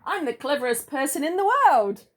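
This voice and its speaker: A woman's voice: high voice, expressive, a little fast, pitched above the performer's own voice. A woman voicing a boastful male know-it-all from a children's storybook, announcing himself proudly.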